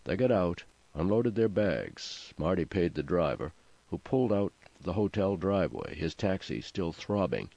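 A man reading a comic novel aloud as narrator, in a dry, even delivery. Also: sits low, moderate pace, gravelly, dry recording, dull audio. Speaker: audiobook narrator. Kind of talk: scripted narration.

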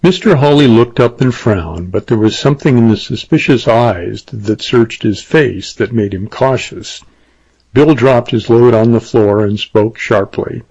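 A man narrating a western novel in a measured storytelling manner. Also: medium pitch, darkish tone, slightly rough. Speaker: audiobook narrator. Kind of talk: scripted narration. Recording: dull lo-fi dry recording.

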